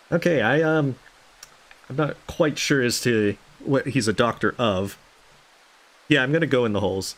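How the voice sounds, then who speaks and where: A man's voice: medium pitch, moderate pace, long pauses. Wry man commenting on a game. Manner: wry, swearing asides. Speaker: let's-play gamer. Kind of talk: casual gameplay commentary.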